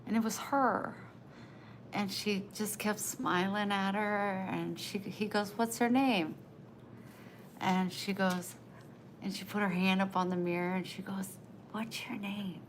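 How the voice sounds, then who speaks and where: Woman, live chat with viewers, unhurried, rambling, soft-hearted. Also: mid-range voice, flat delivery, slight background noise, rough recording. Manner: tender, emotional and rambling. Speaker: livestreamer chatting with viewers.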